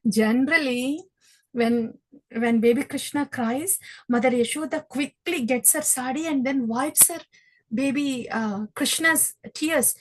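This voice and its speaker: A woman teaching a scripture class who tells the story in an animated way and acts it out. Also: sits high, a little slow, low-quality recording.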